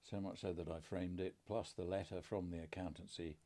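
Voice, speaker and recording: Deep, mellow middle-aged man, dry wit. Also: steady tone. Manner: dry understated humour, measured storytelling. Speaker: podcast co-host, father. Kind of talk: casual conversation.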